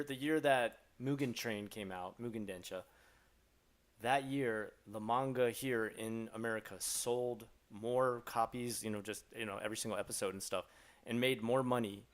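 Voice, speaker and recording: Gravelly joking male streamer. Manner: joking, animated, mimics phrases with exaggerated pitch jumps. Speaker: streamer answering chat. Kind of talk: casual live-stream chat.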